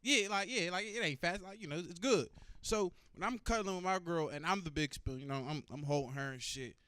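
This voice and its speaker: A man's voice: high-pitched, a little fast, sharp tone, clear, resonant tone. A man doing a stand-up comedy set, talking loosely and profanely and working the crowd.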